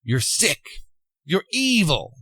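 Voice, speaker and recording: A man's voice: medium pitch, very animated, a little slow, no room sound. A man voicing a frightened, angry young woman, with pleading and upset outbursts. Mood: distraught.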